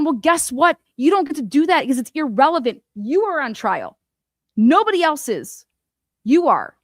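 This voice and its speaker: A woman's voice: sits high, very animated, moderate pace, dry recording, clean studio sound. Angry, profane woman ranting about a court case. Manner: addresses people directly with rhetorical questions. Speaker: commentary host.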